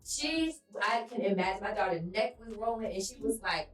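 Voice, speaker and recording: A woman's voice: mid-range voice, moderate pace, reverberant, far from the mic, faint music behind, low-quality recording. Emphatic woman co-hosting a faith podcast. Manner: emphatic, preacherly, animated storytelling. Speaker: podcast co-host. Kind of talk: faith-based casual podcast talk.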